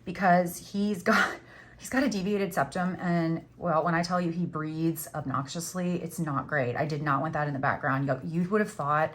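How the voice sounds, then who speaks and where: A woman's voice: low-pitched, fairly even intonation, moderate pace. A middle-aged woman hosting a crochet tutorial, chatting casually and teasing herself while she works. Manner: chatty, self-teasing, says "y'all".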